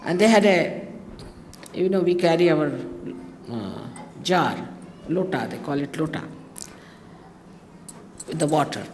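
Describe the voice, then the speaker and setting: A woman's voice: low-pitched, animated, unhurried, pauses often, darkish tone, in a large hall, a little hiss or hum. A woman from India with an Indian accent, a spiritual teacher giving a chatty talk to her followers, full of anecdotes and wry asides. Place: large hotel hall.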